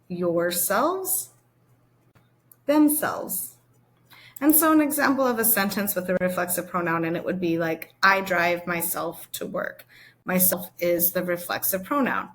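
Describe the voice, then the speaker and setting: Female ESL teacher, clear and patient, repeats examples, mid pitch. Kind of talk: grammar lesson.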